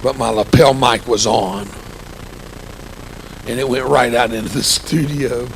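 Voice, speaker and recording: A man in his sixties with a gravelly, grumpy-sounding voice, giving an impassioned, folksy testimony sermon with humor as a church guest speaker. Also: medium pitch, steady tone, measured pace, a little hiss or hum, low-quality recording. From United States. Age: 60s. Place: church sanctuary.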